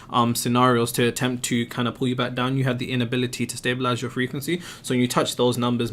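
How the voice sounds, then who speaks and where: A man's voice: mid-range voice, a little hiss or hum. A male host answers viewer questions on a live stream. He talks in an emphatic, explaining way and keeps posing rhetorical questions.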